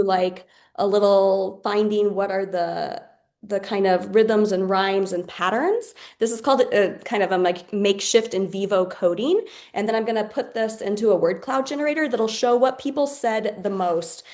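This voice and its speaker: A woman of middle pitch hosts an online poetry event over a video call. She talks in a chatty, thankful way, with plenty of ums along the way. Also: darkish tone. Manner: chatty, thankful, with frequent fillers. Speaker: host and moderator. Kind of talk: casual online wrap-up.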